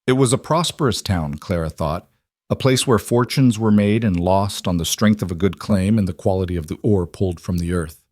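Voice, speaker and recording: Male storyteller, measured scripted narration, low pitch, dry close recording. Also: darkish tone, no room sound.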